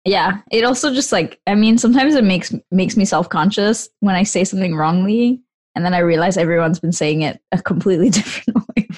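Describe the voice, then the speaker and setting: A woman's voice: mid-range voice, brisk, darkish tone. Chatty woman on a podcast panel. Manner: chatty, laughs often. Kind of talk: casual panel chat.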